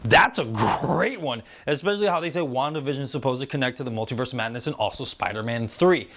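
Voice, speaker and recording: A man hosting a casual spoiler review show, excitedly retelling scenes and acting out the characters' lines. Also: medium pitch, rapid-fire. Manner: excitable, animated retelling with quoted voices. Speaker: show host reviewing a TV series.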